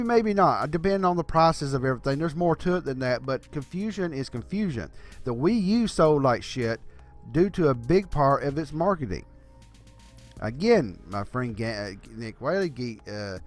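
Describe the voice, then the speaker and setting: An older man hosting his own gaming channel, ranting bluntly and profanely about consoles, tired and yawning late at night. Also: a little high. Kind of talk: casual opinion rant.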